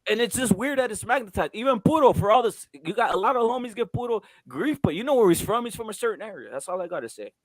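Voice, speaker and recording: A man's voice: sits high, animated, fast, few pauses, dry recording. A man hosting a casual boxing chat stream, ranting with lots of swearing and repetition. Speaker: host.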